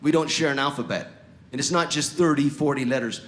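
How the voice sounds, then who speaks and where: A man from Utah doing stand-up comedy on stage, sarcastic and animated, with wry asides. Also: medium pitch, fairly quick, roomy sound. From Utah, USA. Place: comedy stage before a live audience.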